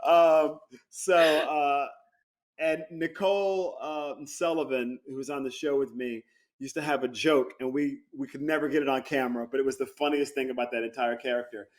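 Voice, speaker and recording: A man's voice: medium pitch, normal speed. A man chatting as a guest actor over a video call, telling stories with lots of laughter. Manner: animated storyteller, laughs often. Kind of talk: casual interview chat.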